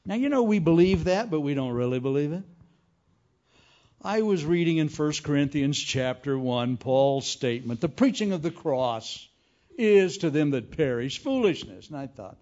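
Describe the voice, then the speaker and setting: A man's voice: fairly high pitch, normal speed. A man preaching a humorous sermon as an evangelist, telling folksy stories with jokes. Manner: folksy, joking, animated storytelling. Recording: dull lo-fi recording.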